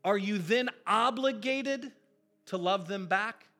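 A male pastor preaching a sermon in an animated, emphatic, conversational way. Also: sits high, slow, soft background music.

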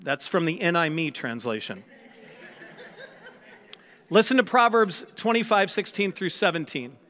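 A man's voice: high-pitched, expressive, a little slow, fairly bright tone, long reverb tail. A man preaching a sermon as pastor, speaking in a conversational way and often acting out both sides of a conversation. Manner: conversational, acts out quoted dialogue.

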